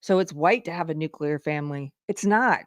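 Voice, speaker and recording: Female commentary host, emphatic and indignant, lower voice, dry close sound. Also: fairly quick, no room sound. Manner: indignant, emphatic, reads items from a list. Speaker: livestream show host. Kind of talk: live political commentary.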